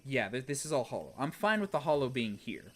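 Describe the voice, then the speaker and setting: A young man commentating a video game stream, exasperated and talking to himself, swinging from low muttering to loud outbursts. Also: very animated, a little fast. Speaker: gaming streamer. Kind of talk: let's play commentary.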